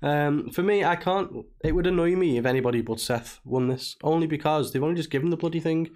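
A man's voice: fairly high pitch, fast, darkish tone. Chatty northwest English man, wrestling podcast. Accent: northwest English, near Liverpool. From northwest England. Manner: chatty, rambling, laughs often. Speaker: podcast co-host. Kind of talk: casual chat.

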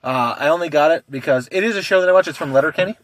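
A man's voice: on the high side, very fast, a bit bright. A man co-hosting a casual podcast, telling rambling stories in a loose way and swearing freely. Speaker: podcast co-host. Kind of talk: casual chat.

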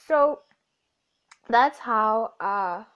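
A woman's voice: fairly high pitch, animated, drawn-out words, a bit bright, clean tone. A young woman hosts a casual, rambling podcast monologue. She self-corrects, jokes and laughs often. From Namibia. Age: young adult. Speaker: podcast host. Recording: dull lo-fi recording.

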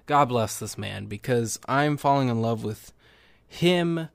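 A man's voice: mid-range voice, animated, measured pace, gravelly, dry recording. Enthusiastic young man reviewing films. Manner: enthusiastic, rambling. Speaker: movie reviewer. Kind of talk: casual movie review.

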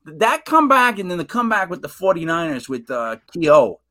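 A man co-hosting a casual sports podcast, an animated storyteller who acts out what people said. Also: high voice, brisk. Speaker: podcast co-host.

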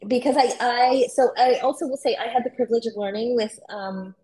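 A woman co-hosting a relaxed discussion, moving between a soft, slow poetry reading and lively, thoughtful commentary. Her talk is expressive and reflective. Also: a little high, roomy sound, poor audio. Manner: expressive, reflective, reads slowly and softly. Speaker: podcast co-host. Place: Boston.

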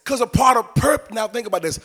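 A man preaching a sermon in a sing-song cadence that rises into shouting. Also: very high-pitched, animated, fairly quick.

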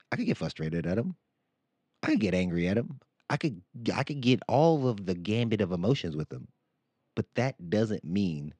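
Deep-voiced man, candid dad monologue. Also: a little mellow, no room sound. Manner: candid, conversational, acts out quotes. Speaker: podcast host. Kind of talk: casual podcast monologue.

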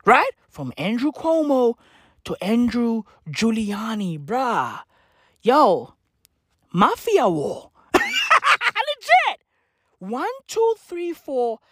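Woman, comic ranter: high, bouncy pitch, profane slangy bro-talk, excitable outbursts. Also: drawn-out words, breathy edge, no echo, studio quality. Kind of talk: comedic rant.

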